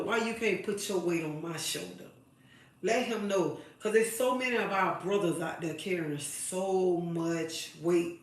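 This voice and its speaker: A woman's voice: mid-range voice, far from the mic. A woman hosting a live stream and giving women emphatic, preachy advice, repeating her phrases for weight. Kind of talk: impassioned advice monologue to women. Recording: very echoey room, away from the mic.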